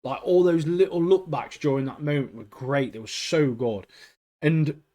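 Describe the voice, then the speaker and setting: A man's voice: fairly high pitch, moderate pace, dark tone. A man co-hosting a casual podcast chat, talking enthusiastically and filling his sentences with "mate" and "like". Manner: enthusiastic, peppers talk with "mate" and "like". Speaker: podcast co-host.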